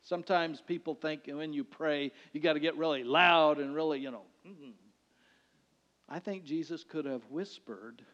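A male pastor preaching a sermon in a conversational way, swinging between loud declarations and hushed lines. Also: on the high side, moderate pace. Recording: dull sound with long hall reverb.

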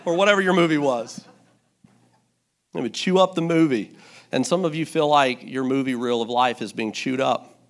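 A pastor preaching a sermon at church into a handheld mic, animated and playful, acting out the quotes he tells. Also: mid-range voice, normal speed, long pauses.

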